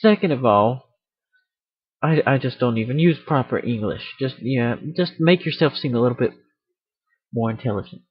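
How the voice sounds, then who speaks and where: A man's voice: medium pitch, animated, normal speed, long pauses, breathy edge, dry recording. A man hosting a casual rant video, rambling and joking about himself as he goes, recorded on a computer mic. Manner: rambling, self-aware, jokey. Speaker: video host. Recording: dry, dull computer mic audio.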